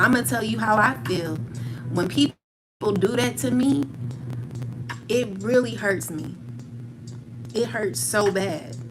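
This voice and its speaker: Woman tarot reader, calm monotone, blunt slang, clear music bed underneath. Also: mid-range voice, rough recording. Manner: calm, steady monotone delivery; rambling, repeats filler phrases. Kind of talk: spiritual pep talk to viewers. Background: background music.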